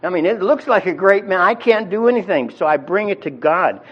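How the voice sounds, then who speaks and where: A man's voice: high-pitched, expressive, brisk, husky, dull audio. A man teaching a Bible sermon in a conversational way, often restarting and repeating his words. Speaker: preacher.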